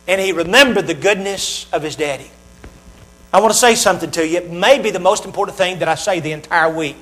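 A man's voice: sits high, fast talker, a bit bright, poor audio. A middle-aged man preaching a sermon, talking straight to his congregation with emphatic, repetitive phrases that swell in volume.

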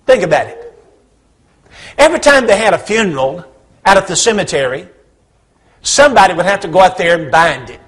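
Husky, high-voiced preacher. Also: male voice, very animated, fairly quick, pauses often, a bit bright. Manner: humorous storytelling with acted-out voices. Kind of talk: sermon.

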